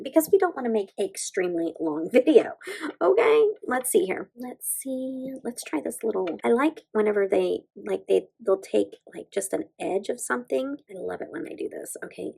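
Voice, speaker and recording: Bubbly woman with a gravelly edge. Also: mid-range voice, rough recording. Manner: bubbly, gushing, talks to viewers as "you guys". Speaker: beauty vlogger. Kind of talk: casual nail stamping tutorial.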